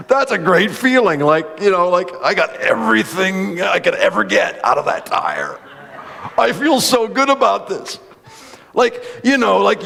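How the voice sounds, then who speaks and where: Guy preaching in a church, chatty and excitable, voice echoing around a big hall. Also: a little high, fairly quick, creaky. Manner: animated storytelling, many "like"s, acts out voices. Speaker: pastor. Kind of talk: sermon. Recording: long hall reverb.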